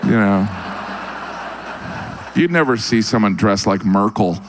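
A man performing a stand-up comedy routine on stage in a wry, deadpan storytelling manner. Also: unhurried, noisy background. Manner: wry, deadpan storytelling with sudden high-pitched asides.

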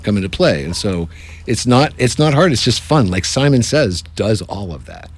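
A man who runs improv workshops, talking in a casual, jokey interview with animated asides. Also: lowish voice, normal speed, breathy edge. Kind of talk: casual radio-style interview.

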